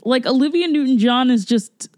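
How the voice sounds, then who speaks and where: A woman's voice: sits high, animated, moderate pace, darkish tone, no echo, studio quality. A woman co-hosting a podcast, chatting casually about movies in a rambling, exasperated way with lots of fillers. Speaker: podcast co-host. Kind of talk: casual movie review chat.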